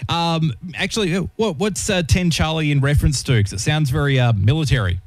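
A man's voice: on the high side, brisk, dry recording. An Australian man hosting a radio interview, chatty and easily amused, with lots of fillers. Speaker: radio host.

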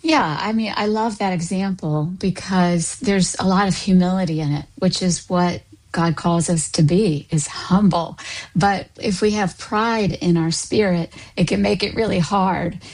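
A woman's voice: on the low side, fairly even intonation, a little slow, darkish tone, low-quality recording. A woman, a counselor and coach, giving a thoughtful explanation in an interview. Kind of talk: interview answer.

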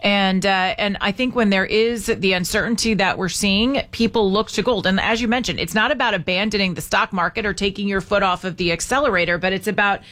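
A woman's voice: mid-range voice, fairly quick, few pauses, a bit bright. A woman hosting a morning talk radio show, upbeat and chatty, with many fillers. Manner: upbeat, chatty, laughs easily.

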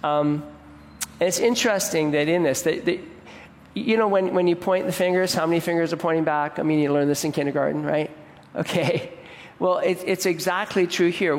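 A man's voice: sits high, long reverb tail. A man preaching a sermon in a conversational way, now and then raising his voice to mock grumbling people. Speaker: pastor.

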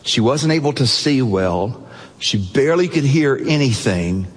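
A man preaches to a congregation in a church sanctuary. He tells a story with earnest feeling and drops softer at tender moments. His husky voice rings out under the long echo of a large hall. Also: mid-range voice, expressive, unhurried. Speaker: pastor. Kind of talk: sermon storytelling.

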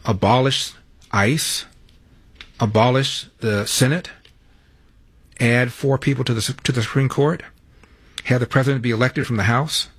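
An older man hosting a call-in radio talk show, brisk and emphatic, rattling off points in quick lists. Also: mid-range voice, fairly even intonation, fairly bright tone, slightly rough, no echo.

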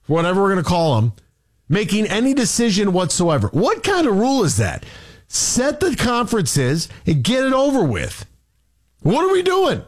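Worked-up, high-voiced sports radio man. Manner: worked-up, ranting, rhetorical questions. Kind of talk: sports talk rant.

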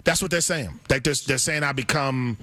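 A man hosting a sports radio show, chatting casually and reading sponsor spots quickly. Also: mid-range voice, bright, forceful tone. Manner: upbeat, reads ads quickly, laughs easily. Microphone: studio mic.

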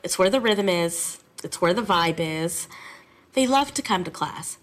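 A woman's voice: lowish voice, lively intonation, unhurried. A woman music teacher talking animatedly and emotionally in a radio interview.

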